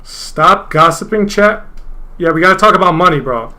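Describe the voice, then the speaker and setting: Young man, streamer, high voice, bright tone, casual rant, profane, rambling. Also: expressive, normal speed. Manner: profane, rambling, loud outbursts.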